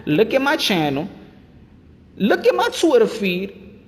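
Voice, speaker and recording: A man's voice: high-pitched, huge pitch swings, slow pace, long pauses, long reverb tail. A man hosting a boxing channel, ranting in fired-up, repetitive commentary.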